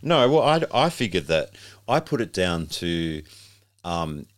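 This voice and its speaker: Male host, low-pitched voice, easygoing and enthusiastic chat. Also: sing-song, a little slow. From Australia. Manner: enthusiastic, laughs easily. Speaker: podcast host. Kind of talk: casual interview chat.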